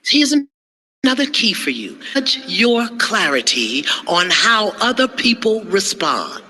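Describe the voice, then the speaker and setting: A man giving an animated motivational sermon, calling out to the audience and acting out the voices of others. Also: high-pitched, a little slow, husky, low-quality recording. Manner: animated, call-and-response, acts out voices. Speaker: motivational speaker. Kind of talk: inspirational preaching.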